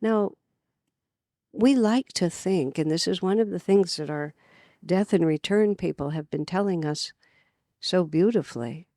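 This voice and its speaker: A woman from California giving an earnest spiritual talk at a retreat, telling stories with lively emphasis. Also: fairly low pitch, unhurried, dry recording, studio quality. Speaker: spiritual teacher. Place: retreat gathering.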